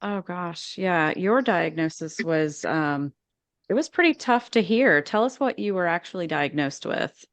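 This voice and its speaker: Soft-spoken woman host, smooth low voice. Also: expressive, unhurried, dry recording. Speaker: podcast host. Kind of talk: gentle interview questions.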